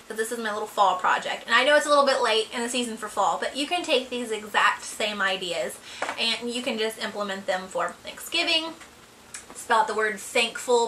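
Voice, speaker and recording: At home, a woman demonstrates a paper box project in a casual crafting tutorial, chatty and full of ums and likes, giggling at herself. Her voice is on the high side, pushed and bright. The low-quality recording carries slight background noise.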